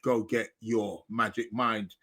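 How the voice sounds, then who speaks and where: A man's voice: lowish voice, steady tone, slow, pushed and bright. A man hosting an astrology podcast live stream in a casual, rambling chat, greeting viewers by name and munching snacks as he talks.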